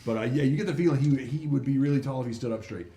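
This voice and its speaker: A man's voice: medium pitch, rapid-fire, mellow. A man running a tabletop game as game master, narrating loosely with many fillers. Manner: loose, laughing, lots of fillers. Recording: echoey room, faint ambience.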